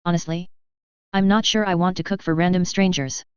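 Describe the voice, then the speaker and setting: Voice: medium pitch, steady tone, a little fast, clean tone, no room sound, dull audio, close to an everyday voice. A narrator voicing a modest young male student who cooks, speaking wryly and with understatement. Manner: wry, understated.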